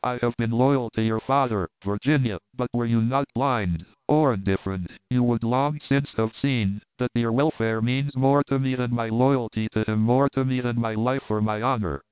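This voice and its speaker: A man voicing a scheming male doctor who talks in a solemn, measured, persuasive way. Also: medium pitch, clean tone, no echo, lightly acted. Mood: grave. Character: scheming grave male doctor, middle-aged. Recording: narrow phone-like band.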